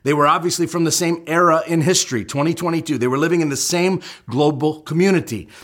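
Brief: middle-aged pastor, slightly high voice, explanatory sermon delivery with emphatic key points. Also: male voice, fast talker, fairly bright tone. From United States.

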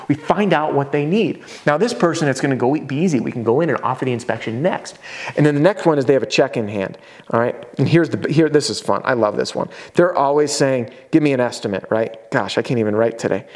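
An energetic man in his thirties talks through a sales lesson at a whiteboard. His voice sits in an ordinary middle range. He now and then slips into quick impressions of homeowners. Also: mid-range voice. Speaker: roofing sales trainer.

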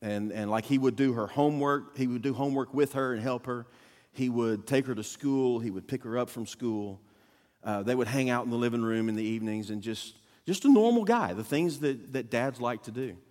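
A man preaching a sermon as a guest pastor, telling a story with acted-out quotes and sudden loud bursts. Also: mid-range voice, brisk, in a large hall. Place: church auditorium.

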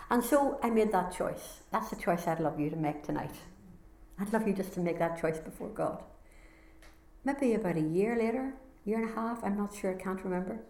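Woman, Northern Irish accent, heartfelt testimony talk, middle pitch, echoey hall. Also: darkish tone. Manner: earnest, heartfelt storytelling. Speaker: conference speaker. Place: conference hall.

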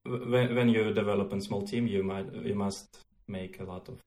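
A man, a guest game developer speaking halting on a casual podcast. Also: fairly low pitch, steady tone, a little mellow. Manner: halting non-native English.

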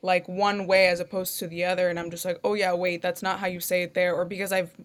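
A woman whose first language is Spanish hosts the interview, her voice sitting a bit low. She asks loose, hesitant questions full of "like" fillers. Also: little pitch movement, fast talker. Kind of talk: casual interview.

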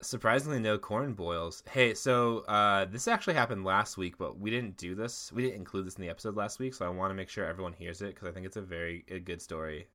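A man co-hosting a podcast, rambling through a story with plenty of ums and likes. His voice sits a bit low, with a bright, forceful edge. It is easygoing, casual chat. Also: fast, few pauses. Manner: rambling storytelling with frequent fillers and laughs. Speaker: podcast co-host.

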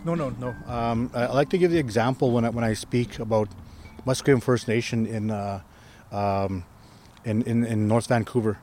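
A man's voice: mid-range voice, moderate pace, a little mellow, slight background noise. A man who is a First Nation chief, telling a story in a casual interview outdoors, rambling with many restarts and tag questions. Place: outdoors on a hill.

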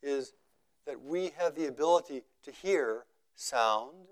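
A man giving a slow, measured talk at a meditation retreat, repeating phrases for emphasis and letting his voice fall quiet at the ends of thoughts. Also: on the high side, expressive. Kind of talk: contemplative dharma talk.

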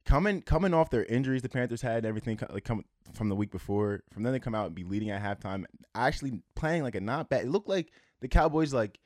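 A young man co-hosting a casual sports betting chat, excitable, swearing and repeating himself. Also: mid-range voice, quick pace, few pauses, dry recording, studio quality. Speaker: sports podcast co-host.

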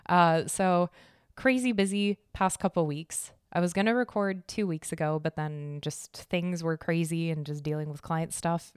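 A woman's voice: lowish voice, clear, resonant tone, dry recording, clean studio sound. A young woman from Arizona, a podcast host giving casual life updates, chatty and swearing freely with frequent laughs.

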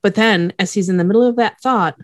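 A woman co-hosting a podcast, casually recapping a TV episode, with relaxed fillers like "um" and "yada, yada.". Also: mid-range voice, fast, no room sound, clean studio sound. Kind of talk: casual chat.

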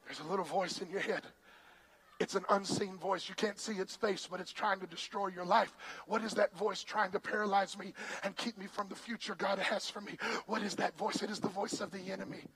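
Emphatic high-voiced male pastor. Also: fairly even intonation, brisk, a bit bright, breathy edge, low-quality recording. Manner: emphatic, storytelling. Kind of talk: sermon. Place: church.

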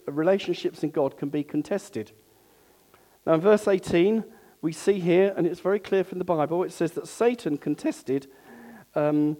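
A man preaching to his church in a mellow, fairly high voice. He talks earnestly and conversationally, turning to the congregation now and then with asides. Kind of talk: sermon.

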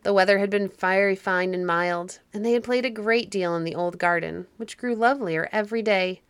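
A woman narrating a children's fairy story audiobook in a calm, measured way. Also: medium pitch, smooth, no echo.

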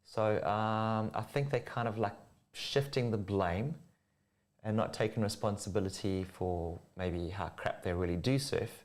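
A man who coaches surfing speaks frankly and bluntly in a casual live-stream chat. His voice sits on the low side, picked up by a lapel mic. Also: measured pace. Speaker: surf coach.

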